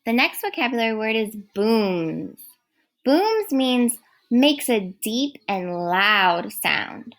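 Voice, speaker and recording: A woman teaching a recorded first grade phonics lesson, speaking clearly and praising often. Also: a little high, very animated, a bit bright. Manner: slow, clear, encouraging teacher talk.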